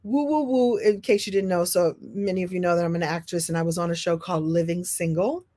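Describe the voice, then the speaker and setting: A woman in her sixties from Brooklyn speaks as a storytelling coach. Her motivational talk is lively and goofy. She laughs often and drops into quick impressions. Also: on the low side. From Brooklyn, New York. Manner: playful, animated, laughs often, slips into impressions.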